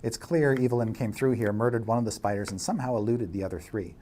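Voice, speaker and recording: A man's voice: fairly low pitch, quick pace, dark tone, a little hiss or hum. A man narrating a tabletop game as dungeon master, setting scenes in detail with frequent fillers.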